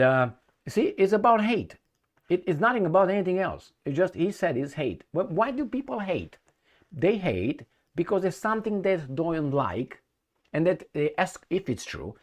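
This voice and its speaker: A man with a fairly low voice talks through news articles in a casual, opinionated commentary. He rambles, restarts his sentences and hesitates often. Then he breaks into sudden emphatic bursts. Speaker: political commentator.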